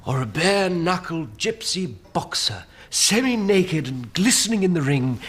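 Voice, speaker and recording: A man's voice: fairly high pitch, very animated, measured pace. A man performing a comedy sketch, eager and flamboyant.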